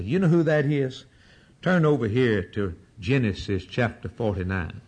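A man's voice: mid-range voice, measured pace, darkish tone, slightly rough. Older male preacher, fervent sermon delivery, surges and drops in intensity. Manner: preaching with rising fervor and sudden drops.

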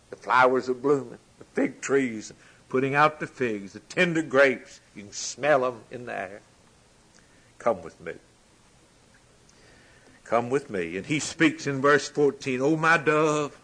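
A man delivering a sermon at an unhurried pace, his pitch sitting in the middle range. He builds phrases through repetition, rising to loud declarations before dropping to near-whispers. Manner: slow, rhythmic preaching with repeated lines, rising and falling from loud to hushed. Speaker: preacher.

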